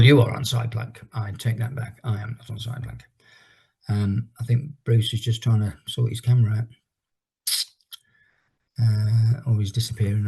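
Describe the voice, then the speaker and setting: Husky-voiced man leading a workout class. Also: medium pitch, a little mellow. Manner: chatty and rambling, breaks off to count down exercises. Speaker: fitness instructor. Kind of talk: leading an online exercise class while telling a story.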